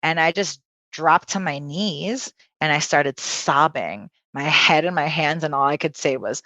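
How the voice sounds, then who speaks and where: A woman who is a podcast guest and spiritual healer, telling a personal story with animated, profane energy and acting out quotes. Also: low voice, unhurried, hardly any pauses, no room sound, lo-fi sound.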